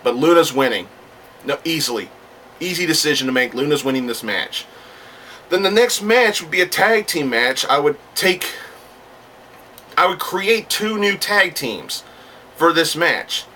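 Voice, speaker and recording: Excitable rambling man, bright voice. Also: on the high side, measured pace, long pauses, far from the mic, a little hiss or hum. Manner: rambling, restarts, gets excited and swears. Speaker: wrestling fan vlogger. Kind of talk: casual talking-to-camera monologue.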